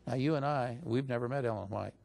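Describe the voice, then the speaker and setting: A man as an interview guest, retelling a story in a conversational, animated way and jumping up in pitch when he quotes others. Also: quick pace, gravelly.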